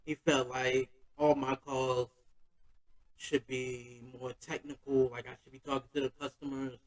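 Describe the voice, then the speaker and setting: A man's voice: medium pitch, flat delivery, measured pace, poor audio. A man hosting a podcast, telling a personal story in a loose, slangy, conversational way. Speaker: podcast host.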